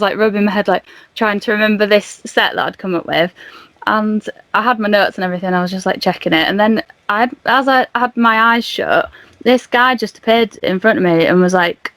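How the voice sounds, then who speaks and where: A young woman guesting on a podcast tells a story casually and animatedly, laughing and acting out the dialogue as she retells it. Her voice is mid-range, with no room sound.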